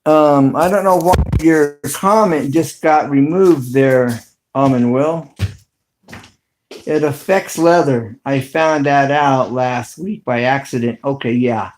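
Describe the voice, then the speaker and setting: A man's voice: medium pitch, takes it slowly, slight background noise. Middle-aged male host, casual rambling livestream chat, mid-range voice, frequent ums. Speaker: video host.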